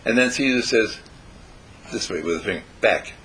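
A man telling a story in an animated way, acting out the quotes and drawing a lesson from it. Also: lowish voice, brisk, slight background noise, low-quality recording. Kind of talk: storytelling talk with moral.

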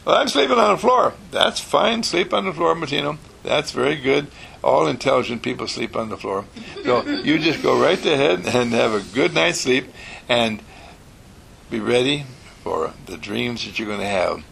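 A man telling an animated, playful bedtime story to children, often clearing his throat. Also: mid-range voice, moderate pace, slight background noise.

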